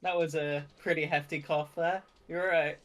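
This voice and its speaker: A man playing a tabletop game, blunt and quick to swear. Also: on the high side, level tone, fairly bright tone. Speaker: player. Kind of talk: casual tabletop game chat.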